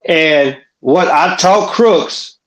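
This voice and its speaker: A former officer reminiscing with old comrades, speaking deliberately and calling on them by name. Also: male voice, a little high, a bit bright. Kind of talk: casual reminiscing. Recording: roomy echo.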